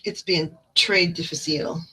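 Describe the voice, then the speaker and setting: A woman with a Midwestern accent chats on a livestream, rambling through stories full of fillers and asides. Her voice is bright and forward. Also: lowish voice, fairly even intonation, moderate pace, husky, poor audio. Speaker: livestream card reader. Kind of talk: casual livestream chat.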